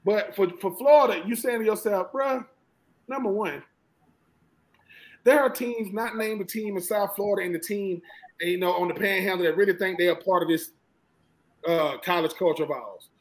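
A man from Georgia with a Southern American accent, a former college football player talking football as a guest in an animated, emphatic way and often repeating himself. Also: high voice, normal speed, low-quality recording. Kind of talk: casual sports talk.

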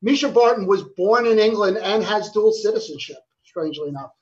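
A man's voice: sits high, animated, a little fast, highs cut off. A man hosting a casual quiz game among friends, playful, swearing and laughing, tripping over his own answers. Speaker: game host.

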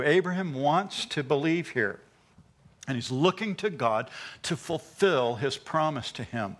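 A male pastor preaching an impassioned sermon in church, swinging between loud emphasis and hushed asides, with stammered repeats. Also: a little high, lively intonation, a little slow.

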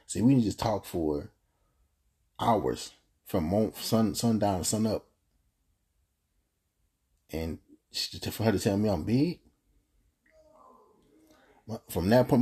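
Husky low-voiced man telling a story. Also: expressive, a little slow, pauses often, dark tone. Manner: emphatic, repeats and restarts words. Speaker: podcast host. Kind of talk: personal storytelling.

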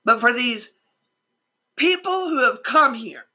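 An older woman with a high, bright, husky voice rants in indignant, emphatic bursts. She speaks slowly and leans hard on every point. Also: lively intonation, dull audio. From United States. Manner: impassioned, indignant, emphatic, swears. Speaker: vlogger. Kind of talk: political rant.

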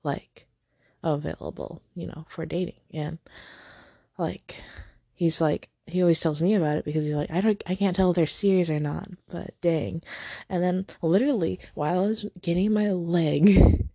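A woman's voice: lowish voice, fairly even intonation, moderate pace, vocal fry, dark tone, no echo, studio quality. A young woman hosting a casual podcast, ranting about her week in a chatty, frustrated way, full of "like" and sighs. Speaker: podcast host. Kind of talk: casual personal rant.

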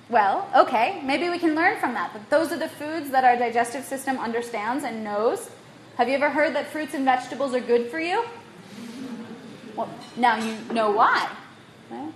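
A woman with a non-native accent giving a lively lecture to a live audience, quizzing them and often asking "right?". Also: high-pitched, normal speed. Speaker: workshop presenter. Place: room in Bali. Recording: echoey room, faint room noise.

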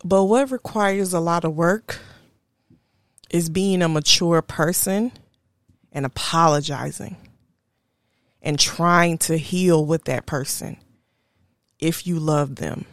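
A young adult woman, telling a personal story in a slow, reflective and candid way as a podcast host. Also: fairly low pitch, no echo, studio quality. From Houston, Texas area. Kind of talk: personal monologue.

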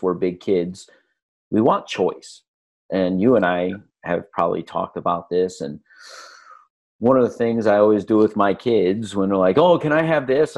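Middle-aged guy coaching on a podcast, low voice, acts out quotes, lively. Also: muffled recording. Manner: animated storyteller acting out quotes. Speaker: podcast guest, lifestyle coach. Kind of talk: casual podcast conversation.

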